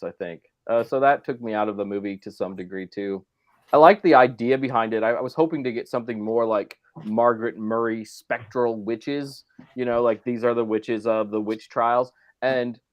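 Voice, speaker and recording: A man's voice: medium pitch, highs cut off. A man co-hosting a casual film discussion podcast, talking in a wry, critical, conversational way. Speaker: podcast co-host.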